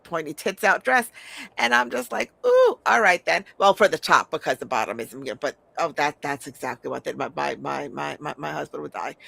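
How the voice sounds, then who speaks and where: A woman's voice: deep voice, gravelly, bright, forceful tone, no room sound. A middle-aged woman chatting casually as a podcast host, blunt and prone to swearing, stammering over repeated words and laughing often. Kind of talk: casual chat.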